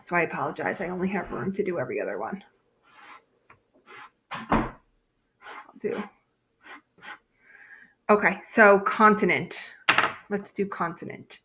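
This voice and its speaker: A woman's voice: on the low side, expressive, unhurried, pauses often, background noise. A woman teacher giving a recorded phonics lesson, explaining step by step with frequent "okay" and "um". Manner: patient, explains step by step, frequent okays and ums.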